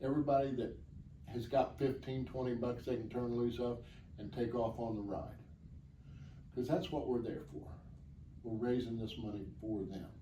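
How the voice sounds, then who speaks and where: A man's voice: medium pitch, fairly even intonation, normal speed, warm tone, far from the mic. A man answering interview questions as the organizer of a charity motorcycle ride, plainspoken, earnest and rambling. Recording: echoey, off-mic, faint background noise.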